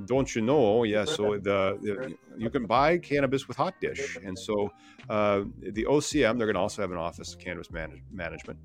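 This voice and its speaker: Guy on a podcast, lowish voice, jokey asides while reading news, bit of music behind. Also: expressive. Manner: quick, joking, reads out items with asides. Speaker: podcast co-host. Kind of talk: casual chat about cannabis news.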